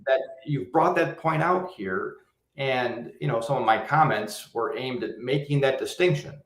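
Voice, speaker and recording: A man from the US Midwest, a guest on a livestream panel, talking in a measured, articulate way and explaining at length. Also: mid-range voice, a bit bright, reverberant.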